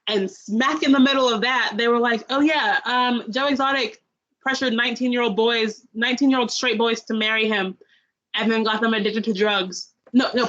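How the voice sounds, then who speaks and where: A woman's voice: on the high side, a bit bright. A young woman co-hosting a podcast, telling a long, rambling story about binge-watching a show in a casual review chat. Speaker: podcast co-host. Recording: dull lo-fi sound.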